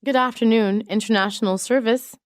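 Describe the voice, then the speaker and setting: A woman reading isolated English practice sentences for a lesson, in a measured, even way. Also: on the high side, no echo, clean studio sound.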